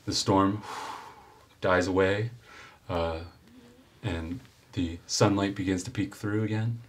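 A man's voice: deep voice, fairly even intonation, takes it slowly, a little hiss or hum. A man narrating a tabletop game as game master, telling the story with fillers and laughs.

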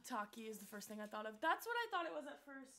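Young female streamer, casual chatty commentary, high-pitched and giggly. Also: sing-song, fast talker, fairly bright tone. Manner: chatty and giggly, talking to the game and to chat. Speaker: game streamer.

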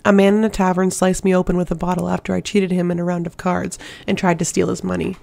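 An audiobook reader voicing a fierce, sharp-tongued young woman assassin with a drawling, sardonic delivery and a gravelly, flat tone. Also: mid-range voice, fast talker, natural voice. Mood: wry.

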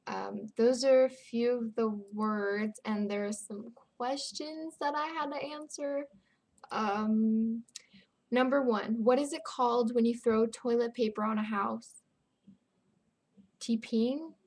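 A young woman from Las Vegas chatting casually to her webcam, hesitant, with lots of ums and likes. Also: fairly high pitch. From Las Vegas, Nevada. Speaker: vlogger. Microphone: webcam mic.

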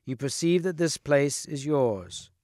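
A man reading aloud, voicing an ancient bearded hermit who speaks slowly and solemnly. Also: on the high side, lively intonation, darkish tone, no echo, clean studio sound. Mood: gentle.

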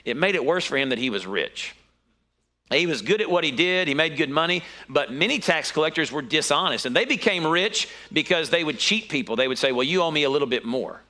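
A man preaching a sermon, telling the story in an animated way with sudden high exclamations. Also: fairly quick.

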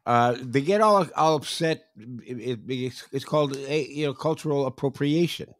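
A man hosting a podcast in casual interview chat, talking haltingly with frequent restarts and repeated words. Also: mid-range voice, dry recording, studio quality. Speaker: podcast host.

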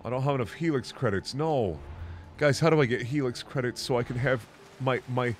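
A man's voice: medium pitch, fairly quick, faint music behind. A man casually commenting while streaming a video game, playful and profane.

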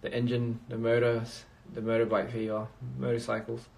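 A man's voice: mid-range voice, completely flat delivery, moderate pace, gravelly, darkish tone. A man chatting casually on a phone livestream, rambling and reading out viewer comments. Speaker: livestream host.

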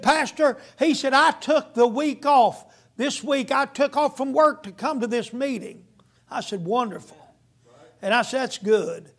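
A man's voice: very high-pitched, creaky. A man preaching a sermon as a guest preacher, telling a story in a folksy storytelling way.

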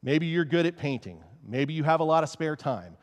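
A male pastor preaches a casual, animated, conversational sermon, joking and self-aware. His voice sits a little above the usual male range at normal speed, and it carries the long, lingering reverb of a church sanctuary.

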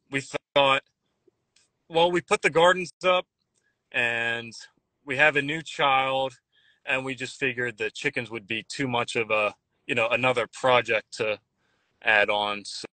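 A man chatting casually as a guest, rambling and halting with frequent restarts. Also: mid-range voice, pushed and bright, no room sound. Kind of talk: casual chat. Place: Nashville.

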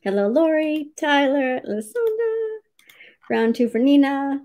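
A woman's voice: fairly high pitch, expressive, normal speed, a little mellow. A woman hosting a casual livestream writing sprint, cheerfully greeting viewers by name, reading their comments aloud and laughing often.

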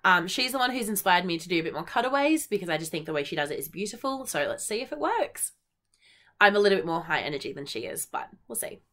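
A young Australian woman hosting her knitting podcast in a chatty, high-energy way, full of ums and likes. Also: big pitch swings, quick pace, a bit bright. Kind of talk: casual solo chat.

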